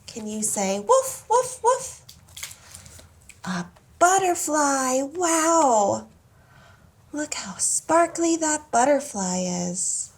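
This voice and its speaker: Woman parent, high swooping parentese, drawn-out words. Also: big pitch swings, a little hiss or hum. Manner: slow, sing-song and exaggerated. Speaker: parent playing with her baby. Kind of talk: parentese baby talk.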